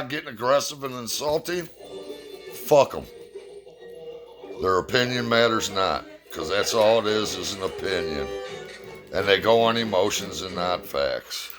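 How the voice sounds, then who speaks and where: A man's voice: on the low side, expressive, unhurried, long pauses, fairly bright tone, soft background music. A man from the United States giving a blunt, profane opinion rant and telling a fable.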